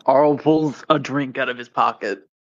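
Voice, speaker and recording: A man in a tabletop game, calmly narrating his silent character's actions in a slow, deadpan way. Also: mid-range voice, no room sound, dull audio. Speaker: player. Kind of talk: tabletop role-play narration.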